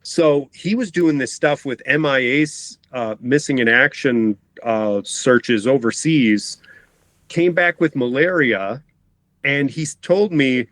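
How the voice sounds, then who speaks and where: A man's voice: medium pitch, takes it slowly, a bit bright, no echo. Rambling, chatty man guest. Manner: rambling, self-interrupting, laughs often. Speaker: guest cartoonist. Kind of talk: casual interview chat. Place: home basement.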